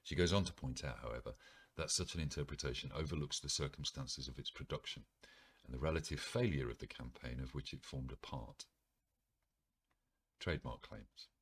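A man's voice: rumbling low, moderate pace, a little hiss or hum. A man reading an article aloud, then breaking off for wry asides with frequent ums. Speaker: video presenter.

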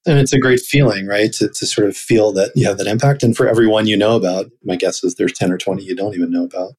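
A male interviewer with a low voice, talking in a quick, conversational way. His tone is husky, and he affirms his guest's points before asking the next question. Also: steady tone, darkish tone. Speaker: interviewer, host.

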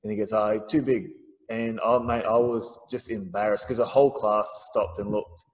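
A podcast host tells a story in casual conversation, animatedly acting out the voices of the people involved. His voice is lowish at a moderate pace, and the recording has a long hall reverb.

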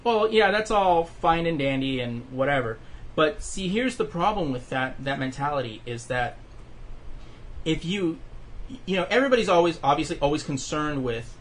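A man's voice: a little high, expressive, moderate pace, slight background noise. A man hosting a casual podcast chat, rambling with lots of fillers and restarts. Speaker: podcast host.

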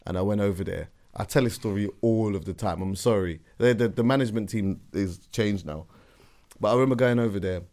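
A man telling a story on a casual podcast, his voice climbing high and loud when he gets excited. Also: brisk. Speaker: podcast co-host.

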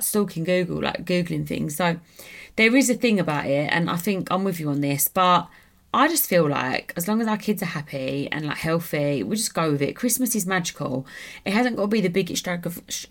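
Chatty British woman, lowish voice. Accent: British English. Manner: chatty, animated retelling with quoted dialogue. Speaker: podcast host. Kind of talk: casual chat.

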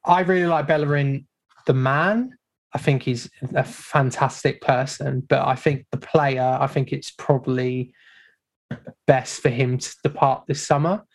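A man in a casual football podcast chat, giving measured opinions and hedging often. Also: medium pitch, fairly even intonation. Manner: measured, hedging with repeated "I think".

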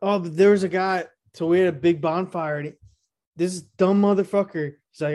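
A man's voice: high voice, fairly even intonation, normal speed, a little mellow. Crude laughing young man, podcast host. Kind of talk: casual chat.

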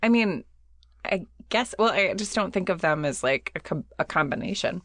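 Giggly low-voiced woman, dry close sound. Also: animated, moderate pace, fairly bright tone, no echo. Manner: giggly, rambling, lots of "like" and restarts. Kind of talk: casual chat.

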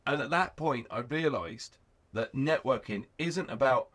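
A garage owner in his thirties tells his story in an animated, profane, casual way, acting out the voices of the people he quotes. He speaks at normal speed with a medium pitch.

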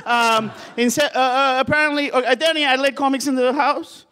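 A man's voice: very high-pitched, fairly even intonation, a little fast, bright, forceful tone, clean tone. A man from Sri Lanka telling a rambling, self-mocking story to a laughing live crowd in a bar. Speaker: comedian.

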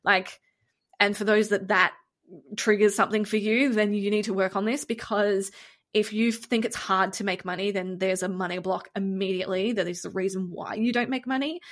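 A woman co-hosts a casual podcast chat. She is blunt and exasperated, and she swears freely. Her voice sits at a middle pitch for a woman. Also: fairly even intonation, normal speed. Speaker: podcast co-host.

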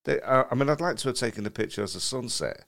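A man's voice: medium pitch, lively intonation, fast, vocal fry, a bit bright. A man co-hosting a podcast, trading dry, teasing banter in casual chat. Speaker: podcast co-host.

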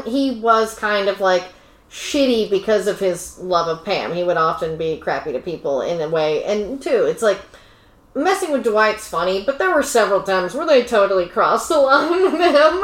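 A woman's voice: mid-range voice, animated, moderate pace. A woman co-hosting a podcast in casual chat, blunt and opinionated, with many fillers. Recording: echoey room.

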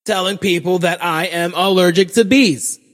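Casting: a podcast host, a young man with a high voice, profane and animated, recorded in a long echoing hall. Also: normal speed. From Florida, USA. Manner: profane, animated, self-mocking. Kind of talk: comedic storytelling monologue.

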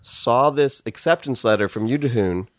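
A man's voice: medium pitch, normal speed, no echo, clean studio sound. A man telling a profane comic story in a loose, crude, casual way. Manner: loose, crude, swearing, animated.

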